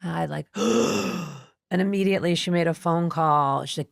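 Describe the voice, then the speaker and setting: A woman's voice: low-pitched, a little slow, vocal fry, no room sound, studio quality. A woman guest on a podcast, telling a personal story with feeling and acting out the voices of people in it. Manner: expressive, acts out other people's voices in her story. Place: podcast studio.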